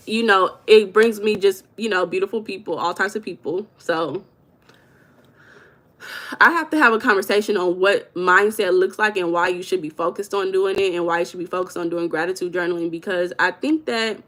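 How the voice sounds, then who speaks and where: A woman's voice: fairly low pitch, normal speed, a bit bright. Chatty woman host with a Southern accent. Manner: chatty, direct, talks to viewers as "y'all". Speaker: livestream host reading chat. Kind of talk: casual livestream chat.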